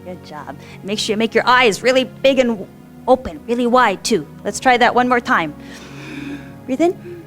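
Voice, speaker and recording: Woman kids yoga teacher, higher voice, soft encouraging sing-song cues, faint music behind. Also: big pitch swings, moderate pace. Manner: gentle, encouraging, sing-song instructions to children. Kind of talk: guiding a children's yoga class.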